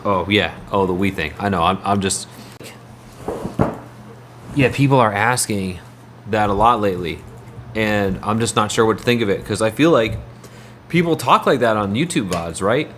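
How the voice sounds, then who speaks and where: Casting: man, low-pitched voice, loose and rambling livestreamer who answers his chat. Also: animated, moderate pace, pauses often, a bit bright, slight background noise.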